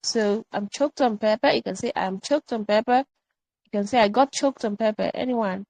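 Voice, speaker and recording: A woman teaching an online English grammar workshop, animated and playful, drilling example sentences again and again. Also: fairly high pitch, normal speed, no room sound, low-quality recording.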